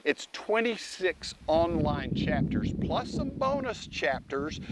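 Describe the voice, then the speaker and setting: A man's voice: fairly high pitch, animated, takes it slowly, heavy background noise. A man and dog trainer giving a casual lesson, talking to his dog as he teaches. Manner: folksy, talks directly to his dog while teaching. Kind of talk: casual instructional video.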